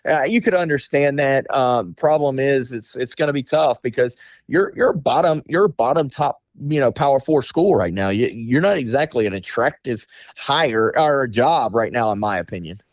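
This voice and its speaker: A man speaking as a guest insider on a radio sports talk interview, candid and blunt, often filling pauses with "you know" and "um". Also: mid-range voice, lively intonation, no echo.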